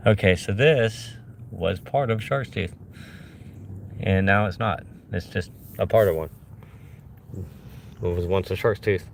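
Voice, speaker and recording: Excitable man hunting fossils outdoors. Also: medium pitch, a little hiss or hum. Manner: excitable, bursts into glee over finds, talks to viewers. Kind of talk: casual talk to camera while searching. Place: outdoors on a hillside trough.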